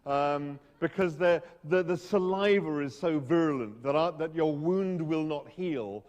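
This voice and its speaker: A man telling a funny story to an audience, dry-humoured and full of halting restarts. His voice sits a touch high. It echoes through a big hall with a long reverb. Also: darkish tone, dull audio. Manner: hesitant, self-interrupting, wry. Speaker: speaker giving a talk. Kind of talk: humorous storytelling talk to an audience.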